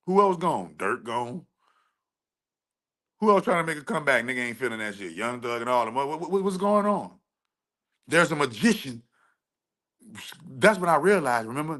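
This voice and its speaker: In a fairly bright, mid-range voice, a man hosting a livestream launches into an intense rant. Emphatic throughout, he keeps repeating and restarting phrases.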